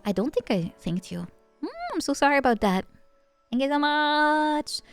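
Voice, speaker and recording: Giggly Dutch-accented woman, lively and high. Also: normal speed. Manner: giggly, playful, chatty, reading chat aloud. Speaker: streamer. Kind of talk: casual chat with viewers. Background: faint background music.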